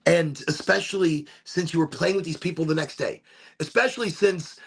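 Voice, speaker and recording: Gravelly, husky, animated man. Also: a little high, moderate pace. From Chicago, USA. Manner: animated, rambling, swears, acts out voices with sudden shouts. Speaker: streamer hosting a smoke session. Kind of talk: casual storytelling to a live stream.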